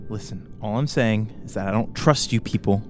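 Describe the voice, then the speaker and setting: A man's voice: lowish voice, normal speed, soft background music, natural voice. A man voicing a bitter, distrustful female reaper who speaks in a curt, guarded way.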